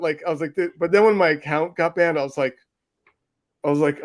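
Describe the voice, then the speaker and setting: A man hosting a casual interview, his voice sitting a bit high for a man. He tells his stories with animated emphasis and acts out what he said at the time, in a lively back-and-forth way. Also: fairly quick. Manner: animated, emphatic storytelling, often acting out his own quoted remarks. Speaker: interview host.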